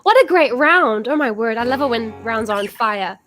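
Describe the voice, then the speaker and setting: Female host, high bright voice, slow gushing chat with guitar under it. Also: expressive. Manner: gushing, restarts a lot. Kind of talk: casual chat and live singing.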